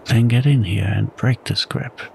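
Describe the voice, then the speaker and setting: A man's voice: medium pitch, steady tone, unhurried, creaky, slight background noise. A man in whispered role-play voicing a stern, determined younger man trying to save a dog. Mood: urgent.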